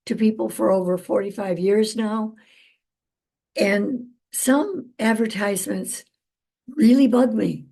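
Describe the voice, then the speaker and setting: Slow-talking older woman with a gravelly voice. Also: mid-range voice. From United States. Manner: chatty, homey, with fillers and warm asides. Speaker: traditional naturopath. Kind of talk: casual chat vlog.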